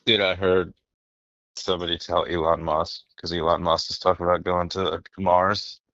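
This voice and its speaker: A man's voice: deep voice, moderate pace, dry recording, dull audio. A man co-hosting a comedy podcast in a casual, crude, joking chat. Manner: crude, joking, lively impressions. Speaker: podcast co-host.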